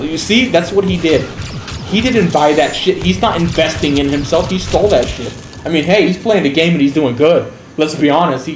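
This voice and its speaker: Blunt, foul-mouthed streamer man, roomy sound. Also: a little high. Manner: profane, blunt, heavy swearing. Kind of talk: casual storytelling on a game stream. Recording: roomy with faint background noise.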